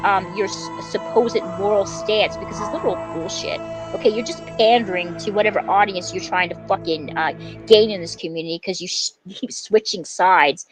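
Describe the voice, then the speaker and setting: A woman with a medium-pitched voice angrily goes after a rival during a livestream. She swears a lot and keeps stumbling over fillers and restarting her sentences in a heated, profane tirade. The recording quality is low.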